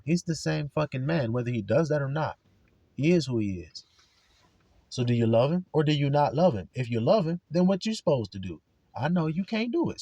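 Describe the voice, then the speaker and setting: A man's voice: medium pitch, big pitch swings, brisk, dark tone, no echo. A man preaching a blunt, profane religious monologue with heavy cursing. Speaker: religious speaker.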